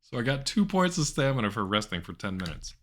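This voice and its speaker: A man's voice: medium pitch, sing-song, quick pace, fairly bright tone, slight background noise. A man streaming a video game live, chatting casually with viewers and rambling with plenty of fillers. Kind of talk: casual live-stream commentary while gaming.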